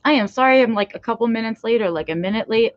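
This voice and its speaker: A woman's voice: on the high side, fast talker, muffled recording. Chatty woman live-streaming from her backyard. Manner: chatty, rambling, many fillers. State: cold, shivering. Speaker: vlog host. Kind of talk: casual live-stream chat. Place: outdoors in a backyard.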